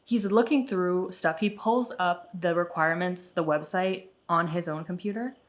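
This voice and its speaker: A woman's voice: lowish voice, normal speed. A young woman from the United States chatting through an exasperated storytime vlog, with lots of "like". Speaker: vlogger. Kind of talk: casual storytime.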